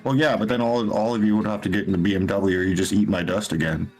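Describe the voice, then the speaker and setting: A young adult man playing a tabletop game, protesting loudly with swearing banter. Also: on the low side, fairly even intonation, fast talker, soft background music. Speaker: player. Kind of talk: casual in-character game talk.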